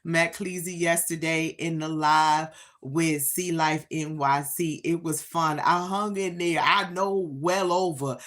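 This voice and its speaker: A woman hosting a live stream, telling a casual story straight to her viewers with emphatic, drawn-out phrases. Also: low voice, steady tone, fairly bright tone.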